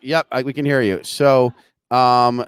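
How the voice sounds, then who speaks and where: A man hosting a casual live market show, talking in an excitable, joking way with lots of quick restarts. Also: medium pitch, slight background noise. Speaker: host.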